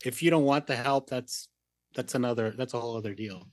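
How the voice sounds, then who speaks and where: A man who is an actor, a guest on a podcast, giving earnest, halting acting advice in casual chat. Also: medium pitch, no room sound.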